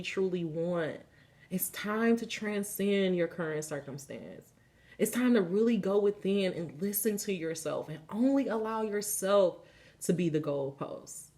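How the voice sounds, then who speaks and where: A woman hosts a spiritual card-reading vlog from a chair indoors, her voice sitting at a middle pitch. She talks in excitable bursts, swearing and laughing often. When she reads card messages and affirmations aloud, she turns slow and solemn. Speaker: card reader and channel host. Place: seated indoors.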